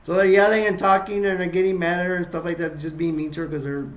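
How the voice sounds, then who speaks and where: A man's voice: high-pitched, level tone, quick pace, reverberant, a little hiss or hum. A man casually retelling a horror film scene by scene, rambling with restarts and acting out quotes in a raised voice. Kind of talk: casual acted-out retelling with toys.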